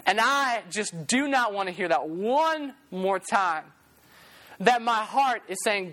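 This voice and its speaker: A young man preaching a sermon, passionate and animated, telling stories and acting out the voices of the people in them. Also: sits high, takes it slowly. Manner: passionate, animated storytelling with acted-out quotes.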